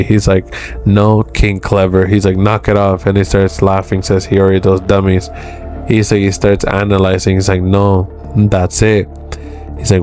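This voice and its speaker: A man with a low, level voice recaps a manga chapter in loose, casual talk, stringing lines together with "he's like". His delivery stays flat and even, with soft music faintly underneath. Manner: narrates dialogue with constant "he's like". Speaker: manga review host.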